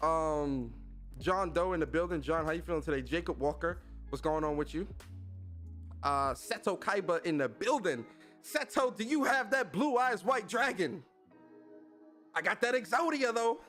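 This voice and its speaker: A man's voice: high-pitched, animated, moderate pace, fairly bright tone, soft background music. A man hosting a casual livestream podcast, talking with energy and plenty of slang as he greets his chat. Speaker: podcast host.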